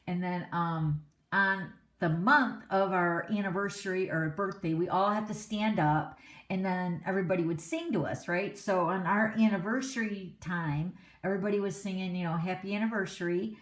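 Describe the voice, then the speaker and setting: A woman's voice: fairly low pitch, moderate pace. A middle-aged woman hosting a card-making class, chatting in a rambling, casual way and laughing often. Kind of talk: casual chat during a live stream. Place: home craft classroom. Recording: echoey room.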